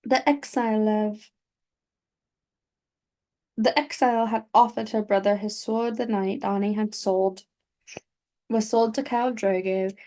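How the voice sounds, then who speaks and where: A woman's voice: mid-range voice, steady tone, measured pace, pauses often, warm tone. A woman hosting a book podcast, reading a novel aloud casually at home at night, with stumbles, self-corrections and chatty asides.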